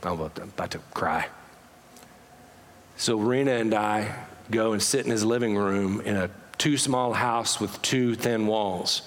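A man's voice: on the low side, unhurried, long reverb tail. A man preaching a storytelling sermon as pastor, talking conversationally and often correcting himself mid-sentence.

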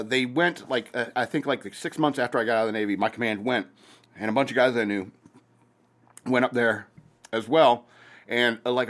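A man hosts a podcast in a loose, rambling way. He tells stories casually, swears freely and chuckles along. His voice sits at an ordinary middle pitch. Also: a bit bright. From Virginia. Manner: loose, profane storytelling with chuckles. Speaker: podcast host.

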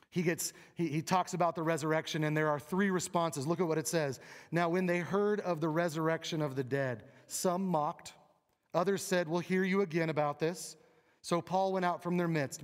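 Male pastor, slightly high voice, conversational emphatic sermon in a reverberant church hall. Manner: conversational, emphatic, asks the crowd questions. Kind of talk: Easter sermon. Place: church sanctuary. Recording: long reverb of a large hall.

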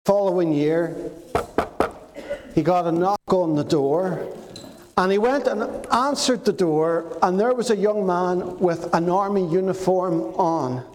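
A man, a preacher telling a story to children in a slow, dramatic storytelling sermon. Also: high-pitched, darkish tone. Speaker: preacher giving a children's talk. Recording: echoey hall, faint noise.

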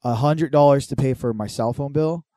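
A mellow, warm-toned man in his forties spins loose, profane anecdotes, laughing and jumping between tangents. The sound is close and dry, with no room around it. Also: medium pitch, dry recording. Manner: swearing freely, laughing, quick tangents. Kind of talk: casual storytelling chat.

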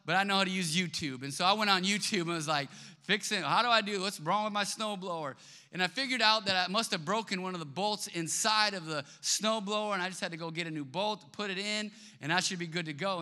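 A man preaching a sermon as pastor in a church, telling a story with lively quoted voices. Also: high-pitched, smooth. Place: church sanctuary. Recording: long reverb of a large hall.

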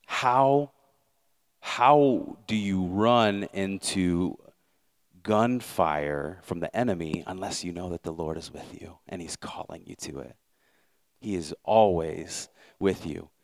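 A man's voice: deep voice, takes it slowly. A man preaching a sermon as pastor, earnest and repeating words as he builds each point.

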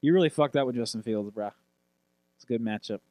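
A man's voice: mid-range voice, a little fast, mellow, no room sound. A man co-hosting a fantasy football podcast, rattling off player lists in crude, joking casual chat. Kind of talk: profane casual sports chat.

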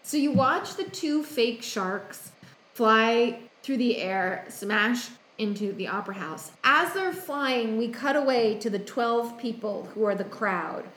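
A woman's voice: on the high side, animated, slow, a bit bright, echoey room. A woman co-hosting a casual chat, recapping a film in a rambling way with many ums and quoted asides. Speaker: podcast co-host recapping a film.

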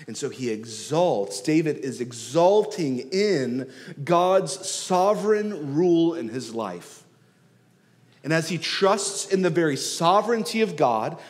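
A man preaching a sermon, rising loud on key phrases and dropping soft and slow to draw them out. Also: on the high side. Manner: swells and drops in loudness for emphasis, slows on key words. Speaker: pastor. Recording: long hall reverb.

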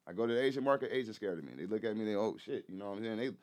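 A man's voice: lowish voice, lively intonation, rapid-fire, darkish tone. A man talking as a guest on a casual podcast, emphatic and profane, who repeats points and keeps checking in with "you know what I'm saying". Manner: profane, loose slangy delivery. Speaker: guest, rapper and activist.

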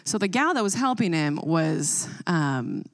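A woman in her thirties telling a funny parenting story in casual chat, lively and expressive. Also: a little slow. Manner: animated storyteller, quotes herself with higher voice. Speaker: parent and co-host.

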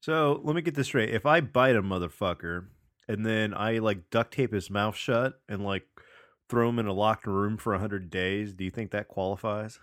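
A man guesting on a casual podcast, telling a story in a loose, profane, animated way. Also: fairly low pitch, normal speed, no echo, studio quality.

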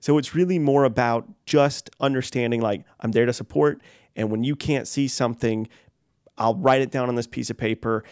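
A man in casual conversation, talking in a supportive and reflective way with some halting phrases. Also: mid-range voice, fairly even intonation, a little mellow, no echo, studio quality.

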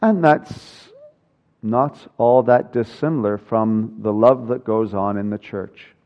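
A man's voice: fairly low pitch, slow pace. A man preaching a sermon, telling stories with wry humor and building emphasis. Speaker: pastor. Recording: dull lo-fi sound.

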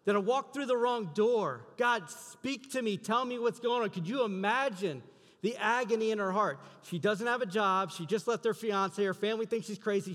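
A man preaching a sermon as a story, acting out the quoted lines with a lifted voice and more volume. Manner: acts out quoted dialogue, rising in pitch and volume. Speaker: pastor. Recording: reverberant hall.

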